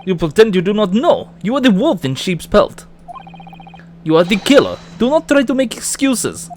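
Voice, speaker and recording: A man voicing a gruff, accusing male ship's sailor in a put-on Russian accent, with broken grammar. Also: high voice, big pitch swings, normal speed, slight background noise, pitched above the performer's own voice. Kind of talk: reading game dialogue aloud on stream.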